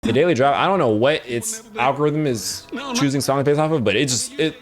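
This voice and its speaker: A man's voice: medium pitch, fairly quick. A man streaming casual reaction commentary, talking in a laid-back, slangy way. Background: music.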